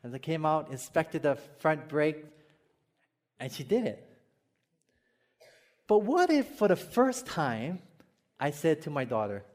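A man's voice: on the high side, big pitch swings, normal speed, pauses often, a little mellow. A man from Hawaii with a Hawaiian accent, a pastor preaching a sermon in a storytelling way, often asking the congregation questions and laughing at his own jokes.

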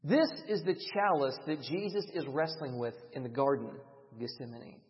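A man preaching a sermon with dramatic delivery that swings between loud emphasis and hushed lines. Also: fairly high pitch, moderate pace. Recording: dull, reverberant hall sound.

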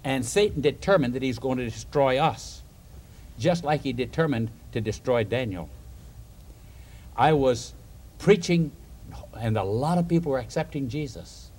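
A man preaching a storytelling sermon, an animated storyteller who chuckles between points and puts questions to his listeners. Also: mid-range voice, unhurried, pauses often.

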